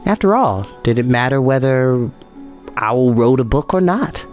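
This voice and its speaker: A man reading a children's book aloud, in a lively way with chatty asides. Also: medium pitch, measured pace, faint music behind. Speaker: storyteller.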